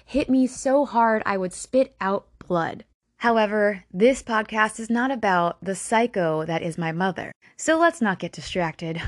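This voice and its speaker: Podcast host, woman, mid-pitched, dry close sound, blunt and cursing. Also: no room sound. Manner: blunt, swears freely, emotionally invested. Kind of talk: casual true-crime narration.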